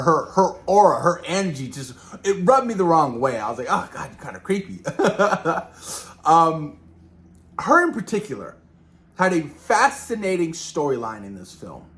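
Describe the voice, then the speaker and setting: A man talking through a movie he just watched, loose and rambling, with a voice pitched a little above the usual for a man. He stumbles over and repeats words and slips into quick impressions of what people said. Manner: animated, rambling, repeats words, acts out quotes. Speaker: movie reviewer. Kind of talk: casual film review vlog.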